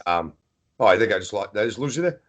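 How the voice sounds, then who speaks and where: A man's voice: fairly low pitch, sing-song, fast talker. A man with a New England accent, co-hosting a podcast in casual chat, speaking emphatically and with animation. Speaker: podcast co-host.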